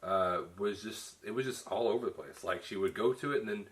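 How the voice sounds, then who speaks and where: This film reviewer and show host keeps his talk chatty and loose, restarting often and saying "you know" a lot. He speaks fairly quickly in a lowish voice with a fairly bright tone.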